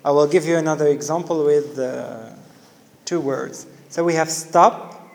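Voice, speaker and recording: A male teacher giving a classroom lecture, explaining step by step and often checking with "okay, guys? clear?". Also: a little high, fairly even intonation. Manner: explains slowly step by step, repeating key words. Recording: reverberant room.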